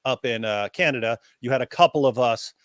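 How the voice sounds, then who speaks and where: A man co-hosting a casual live-stream discussion, talking in animated runs full of restarts. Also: medium pitch, fairly quick, clear, resonant tone, no echo, studio quality. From United States. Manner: animated, rambling with restarts, rising excitement when quoting others. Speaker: co-host.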